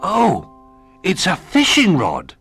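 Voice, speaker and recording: A tiny toy bear cub squeaks and pleads with wide-eyed eagerness, as a man puts him on. His voice sits far above a grown man's and leaps about with excitement. It comes from a gentle children's storybook reading. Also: slow, over music, full character voice. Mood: excited.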